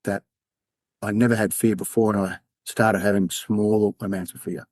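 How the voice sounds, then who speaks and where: Brief: Australian man as a podcast guest, low-pitched, halting candid storytelling, dry close mic. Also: level tone, a little mellow, no room sound. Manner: candid, halting, acts out quoted dialogue. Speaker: podcast guest, former undercover police officer. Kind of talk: personal storytelling in an interview.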